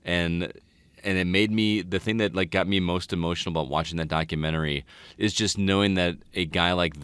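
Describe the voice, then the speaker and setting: A deep-voiced man talks earnestly on a podcast, wandering through his thoughts. His tone is smooth and resonant, and the sound is close and dry. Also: fairly bright tone, no echo. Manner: earnest, rambling, reflective. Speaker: teacher and podcast guest. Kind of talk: casual podcast chat.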